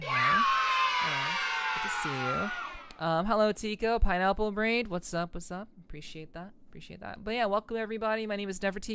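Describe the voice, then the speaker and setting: Low-voiced congested woman streamer. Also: smooth. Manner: friendly greetings, many fillers and doubled words. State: congested, stuffy nose. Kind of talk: casual live-stream chat while gaming.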